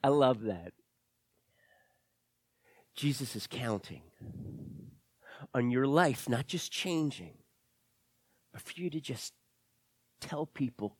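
A man preaching with a very lively, rising and falling voice. He leans hard into some lines and drops almost to a whisper on others. The sound is dry and close. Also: mid-range voice, slow pace, long pauses, no room sound. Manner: dramatic swings between loud emphasis and hushed near-whispers. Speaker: pastor. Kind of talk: sermon.

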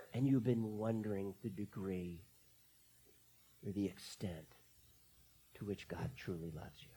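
A man preaching a sermon to a church, dropping to soft near-whispers and then rising into loud, excited bursts. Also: on the low side, slight background noise. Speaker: pastor. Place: church sanctuary.

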